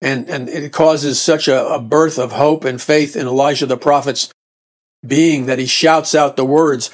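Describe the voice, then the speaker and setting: A man's voice: mid-range voice, steady tone, measured pace. A man preaching a sermon, emphatic, often repeating and restarting phrases and rising to bursts of intensity.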